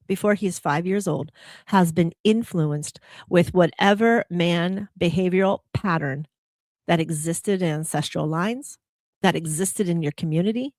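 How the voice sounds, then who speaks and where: A woman hosts a reflective spiritual talk show, often putting rhetorical questions to the listener and laughing animatedly when talking about herself. Her voice is on the low side, recorded dry with studio quality.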